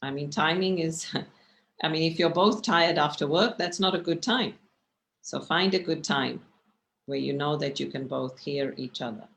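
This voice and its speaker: A woman meditation teacher talks through her slides in a relaxed, conversational way. Her voice carries a gravelly edge, and she keeps checking in with her listeners as she goes. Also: deep voice, moderate pace. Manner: conversational, often checks in with tag questions; expressive, gestures while speaking. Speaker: meditation teacher giving a talk. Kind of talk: casual teaching talk with slides.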